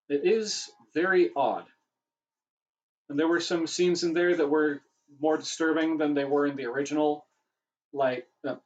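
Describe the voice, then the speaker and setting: Slightly high-voiced man rambling on a livestream. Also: dull audio. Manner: rambling, self-correcting, chatty. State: voice getting worn. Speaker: livestream host answering questions. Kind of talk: casual livestream Q&A.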